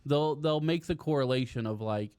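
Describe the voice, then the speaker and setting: Midwestern guy, smooth clear voice, thoughtful chat, dry sound. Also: medium pitch, normal speed, darkish tone, dry recording. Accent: Midwestern American. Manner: agreeable, reflective, backs up his co-host. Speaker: podcast co-host. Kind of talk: casual chat.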